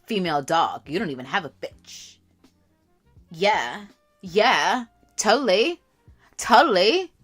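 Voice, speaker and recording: A woman's voice: medium pitch, expressive, slow pace, long pauses, slightly rough, soft background music. A woman hosting a casual livestream, chatting directly to her viewers while she does her makeup. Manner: chatty, talks straight to viewers. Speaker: livestream host. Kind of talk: casual live chat while doing makeup.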